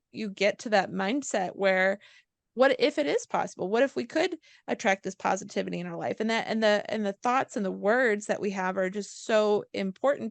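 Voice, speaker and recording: A chatty woman co-hosting a podcast, explaining health ideas as a chiropractor. Her voice carries a gravelly edge, and she sits close to the mic in a dry room. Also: medium pitch, no room sound. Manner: chatty, explanatory, acts out quotes. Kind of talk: casual podcast chat.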